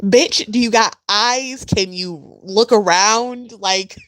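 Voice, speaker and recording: A woman's voice: medium pitch, slow pace, a bit bright. A woman giving blunt, profane, mocking reaction commentary on a video. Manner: mocking, blunt, swears often.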